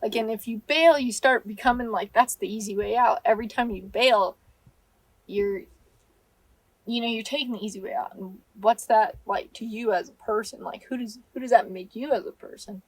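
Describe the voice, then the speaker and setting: A young adult woman rambling through a casual interview, halting often and laughing as she talks. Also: fairly high pitch, dry recording, low-quality recording. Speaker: climber telling her story.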